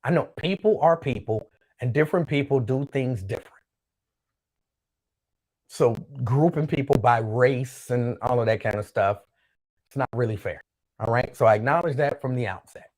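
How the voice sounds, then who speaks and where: A man's voice: medium pitch, moderate pace, a little mellow. A man hosting his own show, chatting casually on his own and reading out viewer comments in a loose, rambling way that repeats itself. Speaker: show host.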